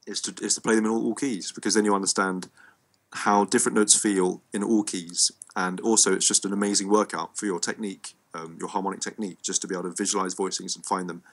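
A man's voice: deep voice, level tone, fast talker. An English man with a cold, teaching an online music lesson in a rambling, playful way with frequent ums. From England. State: has a cold.

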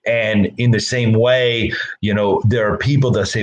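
A man's voice: lowish voice, moderate pace, hardly any pauses, rough recording. A middle-aged man pastor giving a casual Bible talk, conversational, often repeating words and acting out the people he quotes.

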